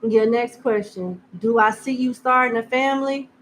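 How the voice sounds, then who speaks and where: Brief: woman tarot reader, joking and blunt, a bit high-pitched. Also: steady tone, moderate pace, fairly bright tone, slight background noise, rough recording. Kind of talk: casual live tarot reading.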